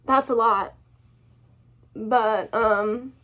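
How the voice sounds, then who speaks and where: Young woman vlogger, high voice, upset rambling storytime rant full of swearing. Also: steady tone, drawn-out words, a bit bright. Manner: rambling, heavy swearing, apologizes often. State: upset, close to tears.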